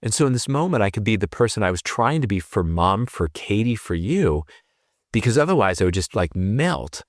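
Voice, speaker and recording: Podcast guest, a man: teary and earnest, fast and rambling, with a low, lively voice. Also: dry recording, studio quality. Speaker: podcast guest, tutoring expert. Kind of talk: emotional conversational storytelling.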